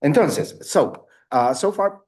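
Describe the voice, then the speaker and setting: A man's voice: a little high, lively intonation, slow, a little mellow. A man teaching an adult language class as the teacher. He is patient, and he stops often to repeat himself and confirm answers. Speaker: Spanish teacher. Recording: echoey room sound.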